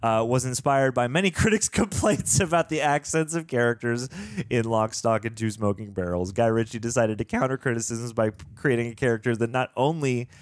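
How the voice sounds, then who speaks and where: A man's voice: mid-range voice, a little fast, dry recording. A young man co-hosting a movie reaction, chatting casually, reading trivia aloud with many fillers and restarts.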